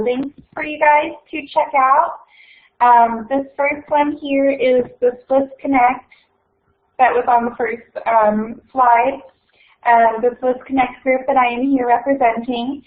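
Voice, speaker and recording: A young woman hosting an online reading event and reading a story aloud, chatty and unhurried, with plenty of fillers. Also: on the high side. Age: young adult. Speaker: event host and reader. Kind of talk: casual hosting and book reading. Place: at home on a video call. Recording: echoey tinny online call audio.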